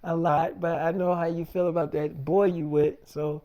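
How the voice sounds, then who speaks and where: Mellow-voiced man, profane slangy storyteller who acts out the dialogue. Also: a little high, level tone, normal speed. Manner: profane, slangy, quotes dialogue back and forth. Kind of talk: casual storytime freestyle.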